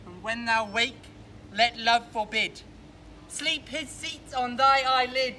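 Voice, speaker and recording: A performer playing the mischievous sprite Puck, delivering verse slowly and deliberately outdoors. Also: medium pitch, steady tone, sharp tone, slight background noise. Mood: sly. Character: mischievous sprite Puck, servant of a fairy king. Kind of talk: outdoor stage acting of verse.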